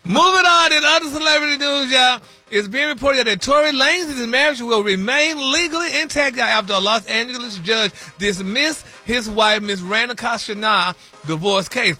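A man's voice: very high voice, moderate pace, bright, forceful tone. A man reading celebrity news on a radio morning show in a flamboyant, sing-song way, full of "y'all" and "honey".

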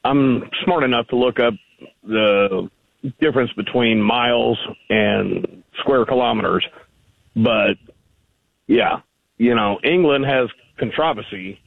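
A man calls in to a radio show over a tinny, narrow phone line, his voice gravelly with a steady fry. He argues his point persistently, rambling through loose sentences. The line sounds dry, without any room echo. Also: mid-range voice, takes it slowly. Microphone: telephone.

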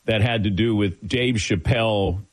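A man's voice: on the low side, moderate pace. A man hosting a sports radio talk show, joking with his crew between segments. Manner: lively, joking, sets up segments.

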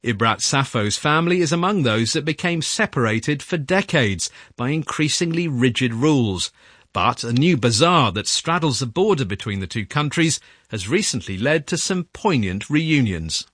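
A man presenting a radio programme, reading scripted links between reports in a smooth way. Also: medium pitch, expressive, moderate pace, fairly bright tone, no room sound, studio quality.

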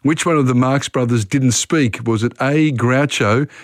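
A man's voice: mid-range voice, unhurried, noisy background. Chatty man hosting radio quiz. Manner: chatty, reads questions then talks them through. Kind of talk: casual radio quiz chat.

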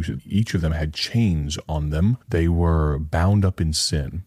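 A man with a very deep, dark voice sets up a sermon for his radio audience. He talks earnestly and plainly, telling a story with a husky grain. The sound is close and dry. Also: measured pace, hardly any pauses, dry recording. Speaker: radio preacher. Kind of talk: broadcast sermon introduction.

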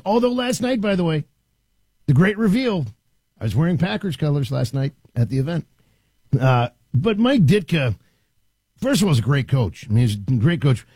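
A male talk radio host speaking from a studio in a lively, swinging delivery. His voice is husky and fairly high for a man, with a close, dry sound. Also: no room sound. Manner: animated, emphatic with frequent restarts.

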